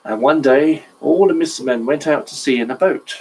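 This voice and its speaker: A man's voice: a little high, moderate pace, darkish tone, husky, rough recording. A man reading a children's picture book aloud, stopping to chat about the pictures with a chuckle. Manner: chatty, chuckles, stops to admire pictures.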